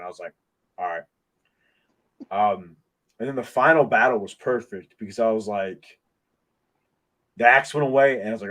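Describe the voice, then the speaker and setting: A man hosting a casual podcast, talking in an excitable, rambling way full of restarts, into a desk mic. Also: mid-range voice, fairly quick, pauses often. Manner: excitable, rambling fan talk with many restarts. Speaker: podcast host. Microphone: desk microphone.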